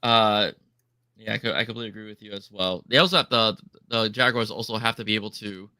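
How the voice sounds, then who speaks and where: A man from the Miami area, a podcast guest, giving quick and emphatic opinions on football. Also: on the low side, steady tone, sharp tone, dry recording. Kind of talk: casual sports chat.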